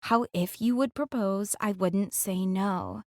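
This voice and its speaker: A woman voicing a young female singer who pleads with her ex and defends herself in soft, earnest lines of audiobook dialogue. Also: medium pitch, slow, no echo, clean studio sound, close to an everyday voice. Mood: defensive. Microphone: close studio mic.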